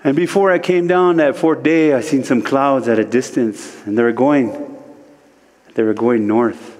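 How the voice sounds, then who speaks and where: A man's voice: mid-range voice, a little mellow, long reverb tail. Man telling a spiritual story. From Standing Rock, United States. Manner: slow and repetitive, retelling speech with many "he said". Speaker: guest speaker at a church service.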